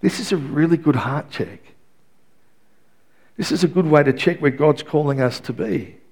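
A pastor with a fairly high, creaky, husky voice delivers a sermon in a conversational way at normal speed, with lively intonation. He repeats words and restarts, moving from quiet asides to loud, pressing, emphatic passages.

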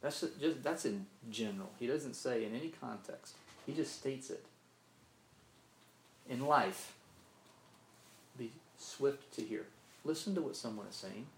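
This earnest Mississippi man preaching a sermon often repeats himself and asks "right?". He has a mid-range, creaky voice with lively intonation, an unhurried pace, and long pauses. Faint ambience, slight background noise, and a roomy echo surround him.

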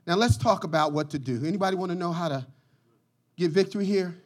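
A pastor preaching a sermon with passion, swinging from quiet lines to shouts and breaking into laughter and jokes. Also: male voice, high voice, lively intonation, moderate pace.

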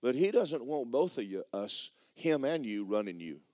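Speaking straight to his congregation, a male pastor preaches and recounts a personal story emotionally, frequently repeating himself. His medium-pitched voice is very animated and dark in tone, at a moderate pace, with no echo.

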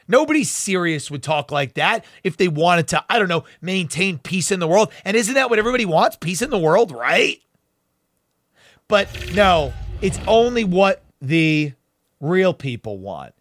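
A man's voice: a little high, fairly bright tone, no room sound, studio quality. A man hosting a talk show, delivering fiery, emphatic and sarcastic political commentary.

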